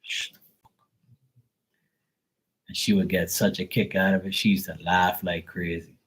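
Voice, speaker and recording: A man's voice: low-pitched, little pitch movement, fairly quick, breathy edge, poor audio. A man hosting a casual livestream tarot reading, joking and swearing as he reads the chat aloud. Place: Bermuda.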